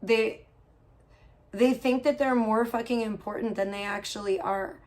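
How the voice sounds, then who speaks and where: A woman's voice: fairly high pitch, steady tone, measured pace. A woman livestreamer in casual talk, profane and gossipy, venting at length about other streamers.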